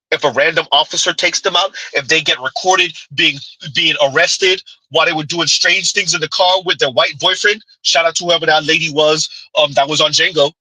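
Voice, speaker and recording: A man with a fairly high, piercingly bright voice hosts a live-stream commentary. He needles his audience with blunt rhetorical questions and mocking "huh?" asides. His tone is husky and sits close and dry. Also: dry recording, poor audio. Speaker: commentary channel host.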